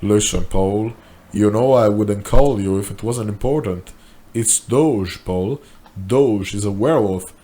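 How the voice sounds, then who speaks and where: Desperate pleading man, low and hushed, slow, voiced by a male reader. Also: natural voice.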